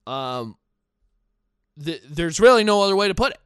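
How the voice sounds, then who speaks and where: High-voiced opinionated man on a podcast. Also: sing-song, moderate pace, pauses often, clean tone, dry recording, studio quality. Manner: opinionated, digressive, repeats himself. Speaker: podcast host. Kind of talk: sports podcast commentary reading fan comments.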